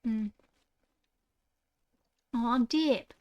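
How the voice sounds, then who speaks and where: A woman's voice: a little high, extremely slow, lo-fi sound. A woman with an Australian accent chatting casually while streaming a game, muttering and swearing to herself.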